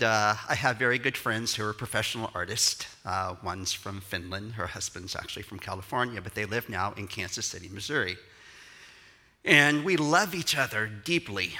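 A middle-aged man from Texas, telling a lively story in a talk at a church event. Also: medium pitch. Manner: animated storyteller, acts out voices.

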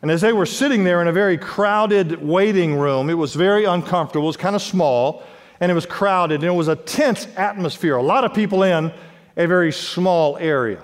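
Male pastor, high voice, emphatic sermon delivery, long church reverb. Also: a little fast. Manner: emphatic preaching with wide swings in pitch and volume. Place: large church sanctuary.

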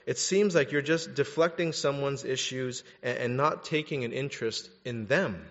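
Candid preacher with a hall echo. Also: male voice, medium pitch. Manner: candid, animated storytelling; direct, exhorting. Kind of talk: sermon. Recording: dull recording in a reverberant hall.

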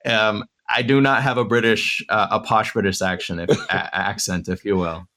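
Man, fairly low voice, earnest, thoughtful, methodical, conversational interview guest. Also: steady tone, normal speed, sharp tone. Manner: earnest, thoughtful, lays out points in order. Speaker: author and educator guest. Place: Durham area.

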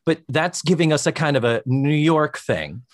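A man's voice: on the high side, dry recording, studio quality. A man co-hosting a podcast, chatting casually as he recaps a sitcom episode and acts out the characters' lines. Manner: animated, acts out characters' lines in quick voices. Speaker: podcast co-host.

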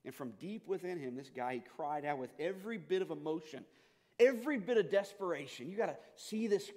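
A man preaching a sermon, telling stories and moving between quiet, hushed passages and loud, urgent ones. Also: a little high, lively intonation, a little fast. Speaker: pastor. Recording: long hall reverb.

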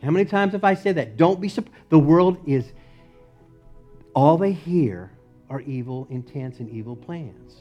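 A male pastor preaching a sermon in a church, moving from loud emphatic lines to low, quiet ones. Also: a little slow, soft background music. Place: church sanctuary.

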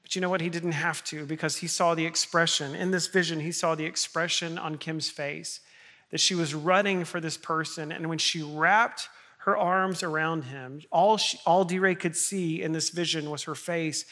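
A man preaches a sermon from the pulpit with a bright, forceful voice that sits a little high for a man. His delivery is earnest and heartfelt, and it builds to impassioned appeals to his congregation. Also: fairly even intonation, moderate pace. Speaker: pastor.

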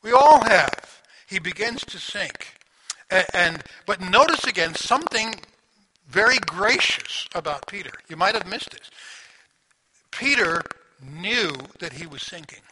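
A man preaching a sermon in a conversational, animated storytelling manner, asking the listeners questions. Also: high-pitched, a little slow. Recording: audible background noise.

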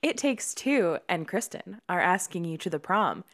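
A woman's voice: on the low side, lively intonation, moderate pace, fairly bright tone. A woman co-hosting a podcast, chatting casually, giggly and chatty, sometimes swearing. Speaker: podcast co-host. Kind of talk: casual chat.

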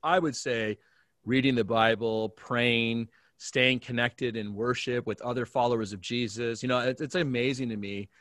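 Guy pastor telling a story on a call, acts out every line, voice jumps high then drops, dry close sound. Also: moderate pace, dry recording. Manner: animated storyteller, acts out dialogue with big jumps in pitch and volume. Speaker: pastor, guest. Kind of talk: storytelling in a remote conversation.

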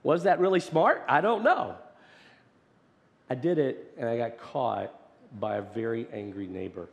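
Male pastor, mid-pitched, storytelling sermon, animated then hushed, long church-hall echo. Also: unhurried, gravelly, lo-fi sound. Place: church sanctuary.

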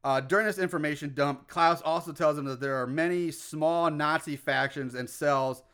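A man's voice: a little high, moderate pace, a bit bright, clean tone. A man co-hosting a casual podcast, recapping a movie in a rambling way, laughing often and swearing casually. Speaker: podcast co-host.

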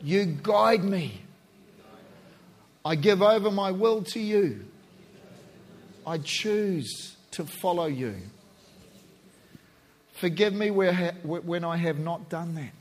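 A man preaching as a pastor, rising to shouts and slowing into hushed prayer. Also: high-pitched, expressive. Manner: impassioned, shouting at peaks then slow and hushed in prayer. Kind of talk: sermon and prayer.

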